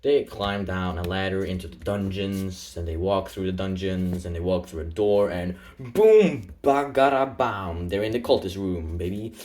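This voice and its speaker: A man's voice: sits low, animated, moderate pace, darkish tone. Rambling, playful man retelling a comic. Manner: rambling, playful, with sound effects. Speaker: comic narrator.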